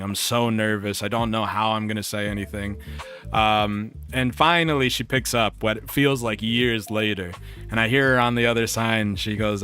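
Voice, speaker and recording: A man streamer telling a story casually and reading chat, animated and laughing often. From United States. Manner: animated, laughs often, jumps up in pitch for quoted bits.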